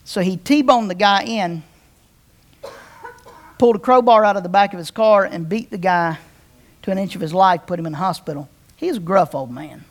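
A pastor telling a story from the pulpit in a loose, conversational sermon style. The voice swings up and down in pitch and loudness as the story builds, with phrases said twice over and frequent check-ins with the listeners. The talk is lively and unpolished rather than scripted. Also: normal speed. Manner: conversational, repeats phrases, asks the crowd "right?".

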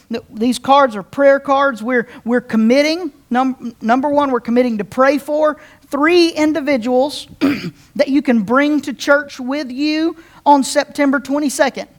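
A pastor preaching a sermon in a conversational storytelling way, often repeating phrases and checking in with the congregation. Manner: conversational, repeats phrases, asks the crowd "right?"; animated, with big swings in pitch and loudness.

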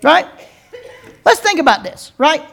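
A woman pastor delivers a sermon in a high, bright voice. She preaches with drawn-out dramatic pauses and leans into folksy, playful slang. She keeps calling out to her congregation for a response. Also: sing-song, vocal fry. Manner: dramatic preaching with slow emphatic pauses, addressing the congregation directly.

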